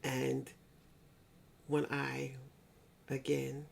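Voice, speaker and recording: A middle-aged woman with a very deep voice and vocal fry speaks very slowly and completely flatly as she shares a personal story of grief. Her testimony is heartfelt and earnest in a church-going way, and she keeps circling back to repeat her points.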